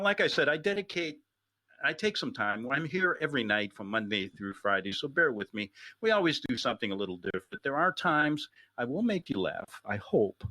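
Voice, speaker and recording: A man hosting a talk radio show, riffing through a rambling comic monologue. His voice sits on the high side for a man and swings widely in pitch. The sound is bright and close, with a dry studio feel. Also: dry recording. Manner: rambling, jokey, animated delivery.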